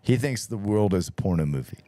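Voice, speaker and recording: Podcast host guy, low mellow voice, swears a lot, acts out stories. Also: fairly quick, dry recording. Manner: swearing, animated storyteller acting out both sides of the talk. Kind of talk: casual chat.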